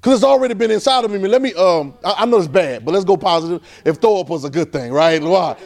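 A man preaching an informal, conversational sermon, repeating phrases and swinging between loud and soft. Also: high-pitched, expressive, fast, vocal fry.

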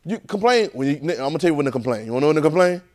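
Racing along in a slightly high voice, a man preaches to a class at a church training center. His sermon is animated and repetitive, driven by a stream of rhetorical questions.

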